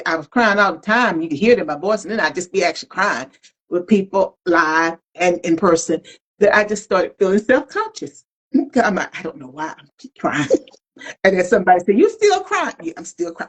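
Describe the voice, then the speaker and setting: On poor audio, a middle-aged woman with a medium-pitched voice chats as a podcast co-host. Her talk is candid and colloquial, animated and self-reflective.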